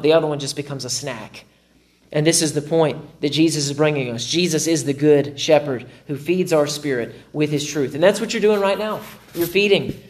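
A male pastor preaching a sermon to a live congregation. He is animated and often acts out his own inner dialogue with self-mocking humor. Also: a little high.

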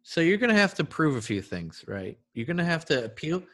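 A man's voice: fairly high pitch, big pitch swings, fairly quick, fairly bright tone. A man riffing playfully in a casual comedic podcast chat. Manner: riffing, playful, slips into silly voices.

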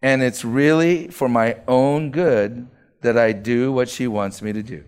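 A man's voice: mid-range voice, fairly even intonation, measured pace, clean tone. Earnest male pastor preaching. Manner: earnest preaching, rising emphatic repetition. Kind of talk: sermon.

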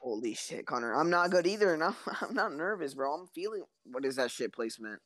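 Dude yelling trash talk over a phone game, pitch jumping all over, dry close mic. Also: male voice, fairly quick, no echo. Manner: loud, excitable trash-talking. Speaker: podcast co-host playing a mobile game. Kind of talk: casual gaming chat.

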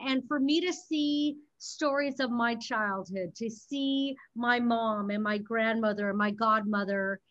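A woman's voice: on the high side, fairly bright tone. A woman script supervisor chatting on a panel, speaking earnestly and with feeling. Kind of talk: casual panel chat. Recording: slightly dull lo-fi sound.

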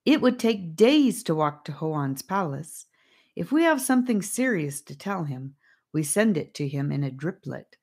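A woman's voice: deep voice, big pitch swings, a little slow, a little mellow, breathy edge, heavily acted. A woman voicing a cheerful, wise male guide who speaks with a grand, theatrical flair.

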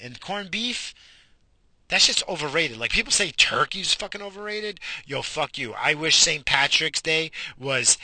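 A man ranting sarcastically in a parked car, swearing and animated. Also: a little high, no room sound. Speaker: vlogger. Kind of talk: profane ranting monologue. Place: pulled over in a car.

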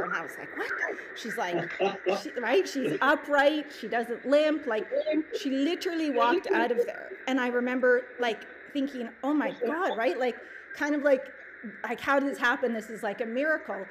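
A chiropractor in her forties tells stories in a casual interview, her speech full of "like" and "right?". Her voice is a little high and her pace normal, and there's background noise in the recording.

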